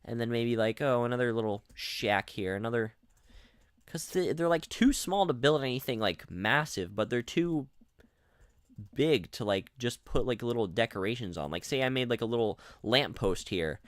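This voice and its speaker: A man's voice: medium pitch, lively intonation, normal speed, smooth, no echo, clean studio sound. A young man rambling through casual gameplay commentary as a streamer, often restarting his sentences and reading out chat messages. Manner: rambling, chatty, many restarts. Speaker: gaming streamer.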